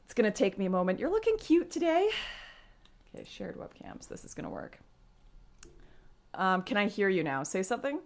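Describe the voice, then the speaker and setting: A woman's voice: medium pitch, animated, a little fast, vocal fry, pauses often. A young woman hosting a casual livestream, chatting to her viewers and laughing often. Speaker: livestream host.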